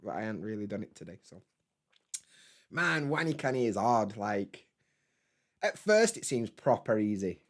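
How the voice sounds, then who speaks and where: A man's voice: fairly low pitch, big pitch swings, normal speed, long pauses. A man, hosting a casual live stream from home, rambling in a laid-back way, swearing freely and answering chat.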